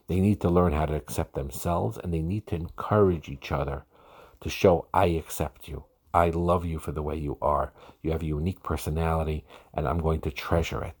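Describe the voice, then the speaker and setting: A man's voice: sits low, darkish tone, slightly rough. A man giving an earnest podcast talk on marriage, repeating words for emphasis. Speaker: marriage counselor.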